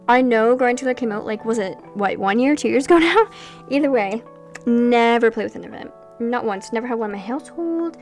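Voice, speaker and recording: A chatty young woman talks casually over her gameplay in a slightly high voice. She rambles between thoughts with animated asides, and soft music plays faintly behind her. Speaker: Sims gameplay creator.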